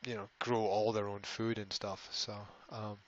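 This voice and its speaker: A man's voice: on the low side, little pitch movement, moderate pace, highs cut off, a little hiss or hum. A man hosting a casual live stream, rambling, often repeating words and reading out viewer comments. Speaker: language school host answering live chat.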